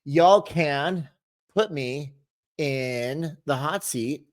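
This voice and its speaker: A man's voice: fairly high pitch, very slow. Upbeat man hosting a fitness livestream. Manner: upbeat, encouraging, with many restarts. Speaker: fitness coach hosting a live Q&A. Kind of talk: livestream Q&A, reading viewer comments.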